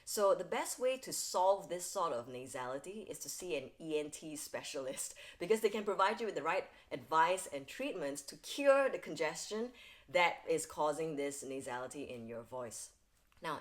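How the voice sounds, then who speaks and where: A young woman vocal coach giving an upbeat, clear singing lesson to camera. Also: sits low.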